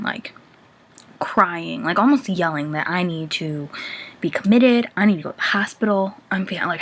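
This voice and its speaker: A young woman talking casually to the camera, confessing her feelings with many filler words and now and then dropping to a whisper. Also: fairly low pitch. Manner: chatty, many "like" fillers, drops to a whisper at times. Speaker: vlogger.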